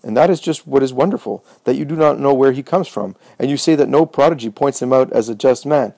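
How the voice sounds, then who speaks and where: A man's voice: medium pitch, fast, vocal fry, warm tone, dry recording. A man voicing a bold young man healed of blindness, earnest and defiant.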